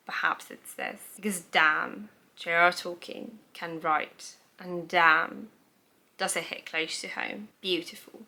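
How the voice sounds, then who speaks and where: Bright-voiced woman gushing over books. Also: fairly low pitch, steady tone, slow. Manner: gushing, rambling, self-mocking, laughs at herself; reads her own notes aloud. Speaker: book vlogger. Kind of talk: casual book review chat.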